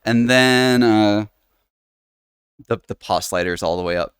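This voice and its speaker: A man with a lowish, smooth voice talks at a measured pace, and the sound is clean studio audio with no room sound. Streaming live from his home VR setup, he chats casually, rambles with many fillers and restarts, laughs frequently and swears casually.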